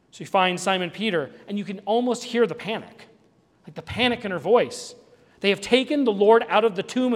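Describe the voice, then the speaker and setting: A male pastor giving an Easter sermon in a conversational, animated way, with asides and small jokes. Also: high voice, long reverb tail.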